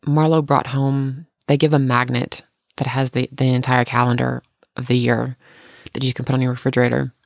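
A middle-aged woman co-hosting a casual chat, telling animated stories and laughing often. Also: extremely low pitch, a little fast, creaky, dry recording, clean studio sound.

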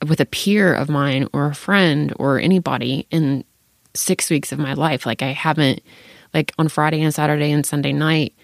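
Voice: medium pitch, steady tone, moderate pace, gravelly, dry recording, studio quality. A parent in their thirties in candid casual chat, open and frank, swearing freely and laughing between thoughts.

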